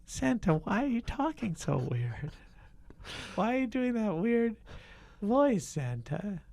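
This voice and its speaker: A man's voice: high-pitched, sing-song, takes it slowly, gravelly, darkish tone, voice pushed up, heavily acted. A man playing a kid in an improv comedy scene, teasing and mocking Santa, laughing mid-sentence. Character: kid annoyed at getting coal from Santa.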